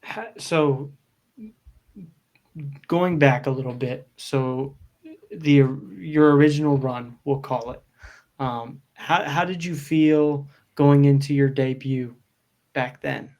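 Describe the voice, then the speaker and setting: A man's voice: mid-range voice, fairly even intonation, takes it slowly, darkish tone, lo-fi sound. A man hosting a podcast, asking casual, hesitant questions with loose phrasing and restarts. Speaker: podcast host.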